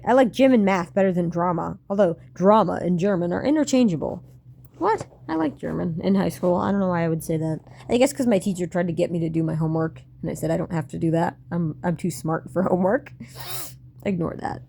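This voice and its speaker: Wry, gravelly woman mocking her old diary. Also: fairly low pitch, darkish tone, a little hiss or hum. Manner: wry, self-mocking, swears, laughs often. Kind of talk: casual commentary on old diary.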